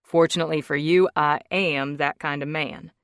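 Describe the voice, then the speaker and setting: A woman reading an audiobook, voicing a protective wealthy young man who talks in a steady, firm way. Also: normal speed, clean tone, no echo, clean studio sound. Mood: determined. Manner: steady, low-key, firm. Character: protective rich young man, calm and determined.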